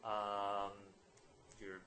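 A man's voice: on the low side, monotone, extremely slow, bright, forceful tone. A man narrating a tabletop game as game master, rambling with many fillers and restarts.

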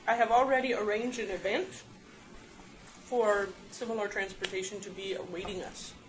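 A woman's voice: medium pitch, fairly even intonation, moderate pace, noisy background. A woman playing a tabletop game, speaking in character with a haughty, demanding tone. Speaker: player. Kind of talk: in-character tabletop role-play.

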